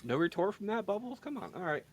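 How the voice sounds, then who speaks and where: A man's voice: high voice, sing-song, quick pace, slight background noise. A man hosting a casual podcast, joking and tripping over his words as he runs through the picks. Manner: joking, stumbles and repeats words. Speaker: podcast host running the bracket.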